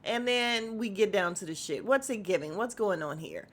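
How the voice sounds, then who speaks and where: A woman hosting a casual podcast, recapping a reality show in a sassy, animated way and acting out quotes in exaggerated voices. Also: medium pitch, moderate pace.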